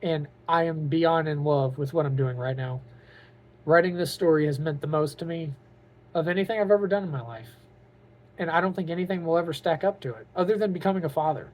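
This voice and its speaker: A man's voice: a little high, brisk. A man talking to camera in a casual vlog, earnest and openly emotional, rambling with lots of "like" and "you know". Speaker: vlogger and aspiring author.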